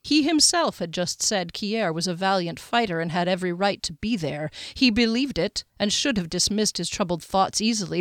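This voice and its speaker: A woman narrating a fantasy audiobook in a measured, even storytelling manner. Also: lowish voice, no room sound, studio quality.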